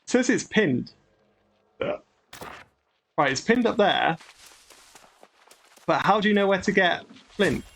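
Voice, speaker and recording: A man's voice: sits high, big pitch swings, takes it slowly, creaky, pauses often, a bit bright. A man hosting a gaming channel, giving chatty, grumbling, self-mocking commentary as he plays. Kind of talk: gameplay commentary.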